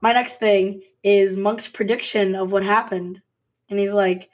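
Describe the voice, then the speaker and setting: A woman's voice: medium pitch, fairly even intonation, a little slow. A woman co-hosting a casual chat, giggly and laughing often as she talks.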